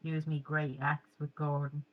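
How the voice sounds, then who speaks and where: A woman's voice: low-pitched, monotone, measured pace, phone-quality sound. A woman taking her turn as a player in a tabletop game, joking and bantering playfully. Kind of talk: casual tabletop play.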